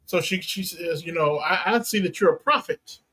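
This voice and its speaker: On a rough recording, a pastor with a high-pitched, pushed, bright voice and a breathy edge teaches from the Bible. He works through the verses slowly and deliberately, reading them, explaining them, and unpacking their Greek words.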